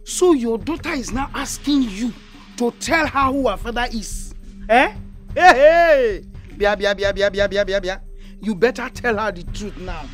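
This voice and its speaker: A woman's voice: a little high, unhurried, soft background music, lightly acted. An actress with a Nigerian accent playing a scornful woman who mocks and taunts her rival. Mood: taunting. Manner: mocking, taunting.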